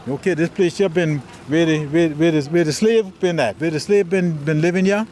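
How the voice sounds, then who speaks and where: A man's voice: a little high, a little fast, a little mellow, a little hiss or hum. A man with a Gullah accent from the South Carolina Sea Islands, chatting as a local guide while walking outdoors, repeating words as he goes.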